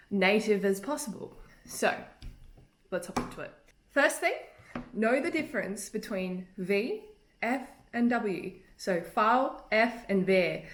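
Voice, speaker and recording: Young woman vlogger, casual and giggly, average pitch, recorded in a roomy space. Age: young adult. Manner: chatty, giggly, demonstrates German phrases. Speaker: language-learning vlogger. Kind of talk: casual spoken lesson. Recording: roomy echo.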